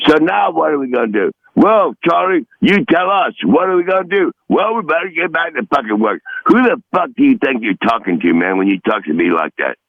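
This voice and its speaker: Foul-mouthed older man ranting, gravelly. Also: fairly high pitch, big pitch swings, a little fast, few pauses, no room sound, phone-quality sound. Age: 60s. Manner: foul-mouthed, combative, rambling. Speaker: regular comedic guest. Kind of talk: profane rant on a phone-in podcast.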